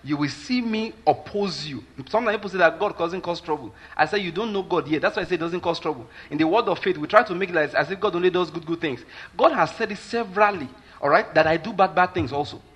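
Husky Nigerian man preaching a sermon. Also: high-pitched, fast, hardly any pauses, a bit bright. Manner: emphatic, keeps asking the listeners if they follow. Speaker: pastor.

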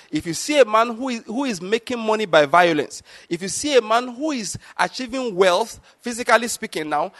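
A man's voice: sits high, fairly bright tone. A middle-aged man preaching a sermon, emphatic and often checking that his listeners follow. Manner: emphatic, repeatedly asks the congregation if they follow. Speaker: pastor.

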